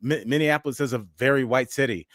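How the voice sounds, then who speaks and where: Male podcast co-host, conversational, mid pitch, dry close mic. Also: fast talker, fairly bright tone, no echo. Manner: conversational, many fillers and restarts. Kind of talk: casual news chat.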